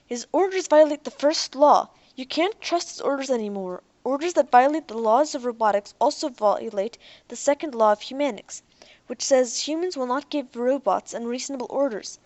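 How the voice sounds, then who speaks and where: A woman's voice: high voice, animated, moderate pace, a little mellow, dry recording, pitched above the performer's own voice. A woman voicing a young woman who pleads urgently, in an audiobook. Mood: persuasive.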